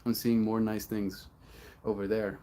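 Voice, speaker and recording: A young man chatting casually on his daily livestream, musing and reading encouraging lines aloud slowly. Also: fairly low pitch. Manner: relaxed, musing, reads affirmations aloud slowly. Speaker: daily streamer.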